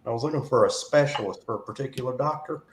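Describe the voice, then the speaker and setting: A man with a mid-range voice tells stories in a casual chat. He talks in an animated way and puts on other voices as he goes. His voice carries a roomy echo over a faint hum. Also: medium pitch, fast talker. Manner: animated storyteller, mimics call-center voices. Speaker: host.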